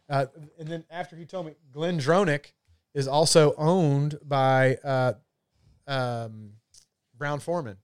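A man's voice: medium pitch, clear, resonant tone, no room sound, studio quality. Rambling, profane man in casual chat. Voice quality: loose, profane, rambling delivery.

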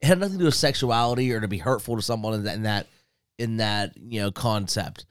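A man, a father, chatting casually with friends in a relaxed, animated way, laughing often and leaning on "like" as a filler. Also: fairly low pitch, quick pace, clear, resonant tone, dry recording, studio quality. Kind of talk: casual chat.

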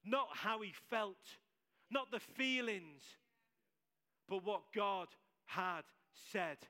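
A man's voice: high voice, expressive, extremely slow, sharp tone. A man preaching a sermon to his church, emphatic and repeating his key phrases for weight. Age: adult with several children.

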